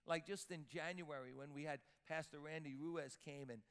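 A man's voice: fairly high pitch, steady tone, normal speed, clear, resonant tone. A man preaching a sermon as pastor, emphatic, repeating words as he builds up. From Sicilian-Italian heritage. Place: church sanctuary with long reverb. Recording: reverberant church hall.

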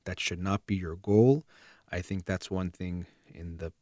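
A man giving steady, earnest parenting advice in a calm explanatory monologue, like a counselor. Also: deep voice, measured pace, no echo, studio quality.

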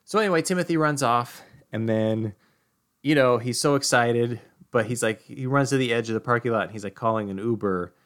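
Rambling deadpan man telling a story. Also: medium pitch, a little fast. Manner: rambling, deadpan, full of fillers like "like" and "you know". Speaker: podcast host.

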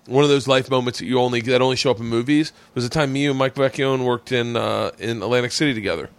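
Swearing, animated man telling stories. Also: mid-range voice, fast talker, no room sound. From Florida. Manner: animated, swearing, acts out quoted voices. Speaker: podcast host. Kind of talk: casual chat, storytelling.

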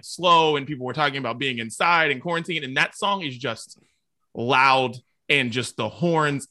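Bright-voiced emphatic podcast man. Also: mid-range voice, no echo, studio quality. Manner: emphatic, ranting about songs. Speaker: podcast co-host. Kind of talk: casual chat.

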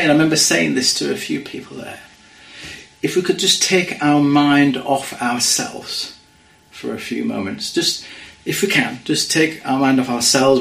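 A man preaching a sermon in an earnest way, dropping to a hush when he quotes scripture. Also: medium pitch, vocal fry, reverberant, poor audio. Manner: earnest, drops to hushed quoting of scripture.

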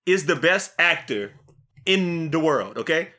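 A young man hosting a podcast, chatting in a jokey, animated way with friends, then reading a commentary segment. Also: fairly high pitch, a little slow. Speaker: podcast host. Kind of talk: casual podcast chat and scripted monologue.

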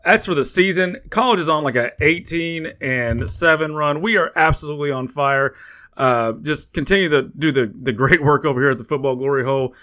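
A man's voice: fairly high pitch, brisk, bright, forceful tone. A man with a Texan accent co-hosting a sports betting podcast, bantering with boastful jokes. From Texas. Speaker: podcast co-host. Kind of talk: casual sports podcast chat.

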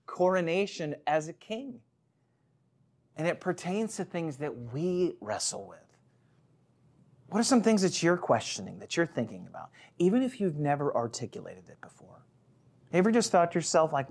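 A man's voice: on the high side, animated, moderate pace. A man in his forties, a lead pastor, giving an online church sermon in a conversational way, with many asides and restarts.

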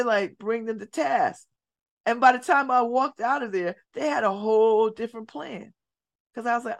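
Middle-aged woman radio host, animated storytelling, low soft voice for emphasis, studio mic. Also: creaky. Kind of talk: casual talk radio monologue.

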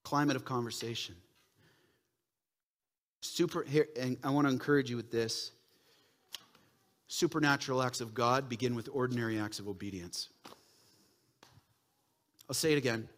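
A middle-aged man preaching a sermon as pastor, swinging from quiet, earnest asides to loud, excited bursts. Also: mid-range voice, normal speed, long pauses.

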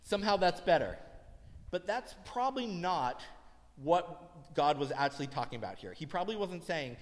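A man in his thirties, preaching with an easy, conversational delivery and a fairly high voice. He tends toward self-deprecating asides. His voice rings out with a long reverb tail. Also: very animated, moderate pace. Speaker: pastor. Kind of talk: sermon.

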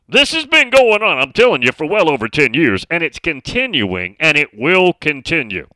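A man's voice: on the high side, big pitch swings, normal speed, few pauses, pushed and bright, dry recording. A middle-aged man hosting a sports talk radio show, speaking emphatically and reading out listener messages.

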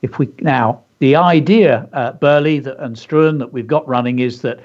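On his children's radio lesson, a teacher and show host reads his story aloud, tossing in enthusiastic, chatty remarks. He speaks at a moderate pace in a medium-pitched voice, and the radio sound is dull and lo-fi.

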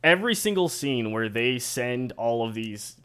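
A man guest on a podcast, explaining at length in a steady, wry, casual way. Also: mid-range voice, moderate pace, clean tone.

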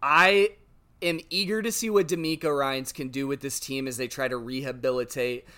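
A man co-hosting a sports podcast, telling stories in an animated, rambling, casual way. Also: medium pitch, moderate pace, clear, resonant tone. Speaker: podcast co-host.

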